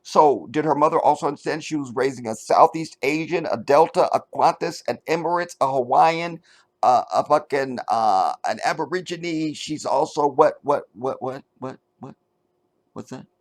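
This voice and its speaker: A middle-aged man hosting a commentary show, reading an article aloud and mocking it with sarcasm, jumping between loud outbursts and low mutters. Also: moderate pace. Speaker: commentary channel host.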